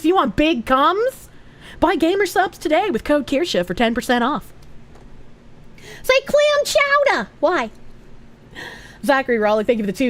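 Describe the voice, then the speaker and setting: A young woman with a Boston accent chatting casually on a live stream, rambling, giggly and swearing freely. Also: high voice.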